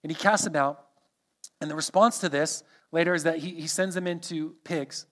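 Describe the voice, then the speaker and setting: Male preacher, high voice, earnest verse-by-verse sermon. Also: steady tone, normal speed, a bit bright. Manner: earnest, explains scripture verse by verse. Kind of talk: expository sermon.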